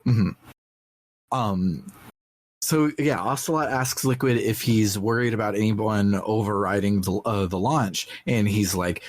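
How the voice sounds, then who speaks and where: A man's voice: fairly low pitch, unhurried. A man co-hosting a casual podcast, speaking in a blunt, laid-back, joking way. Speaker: podcast co-host. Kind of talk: casual chat.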